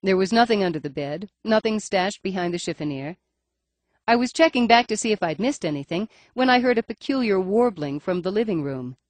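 A woman's voice: medium pitch, lively intonation, brisk, no room sound. A woman reading a first-person audiobook in a wry, dry storytelling manner. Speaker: audiobook narrator.

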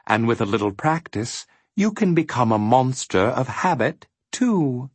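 A man voicing a smooth, soothing male demon who coaxes others to stay and stop thinking. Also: mid-range voice, sing-song, unhurried, no room sound. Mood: coaxing. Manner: soothing, coaxing.

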